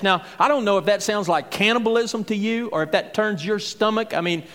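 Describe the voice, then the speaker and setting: A man's voice: high voice, brisk, a bit bright. A man preaching a verse-by-verse sermon in a folksy, conversational way, acting out the voices of the crowd and of Jesus. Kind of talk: expository sermon. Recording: long hall reverb.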